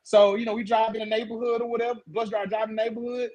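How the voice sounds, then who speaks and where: A young man telling a story in casual talk, animated, stuttering and repeating words. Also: high-pitched, rapid-fire, rough recording.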